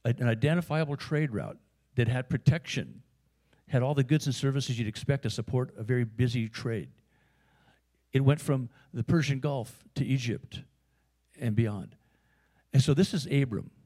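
A man's voice: mid-range voice, normal speed, darkish tone, breathy edge. A man with an American accent preaching a sermon in a conversational, storytelling way, with frequent fillers and asides. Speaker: pastor.

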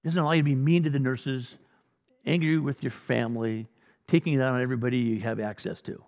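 A male pastor delivers a sermon with a gravelly edge to his voice. He speaks bluntly and exhorts his listeners, firing rhetorical questions and plain challenges at them. His words ring with the long reverb of a church hall. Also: medium pitch, fairly even intonation, fast, a little mellow.

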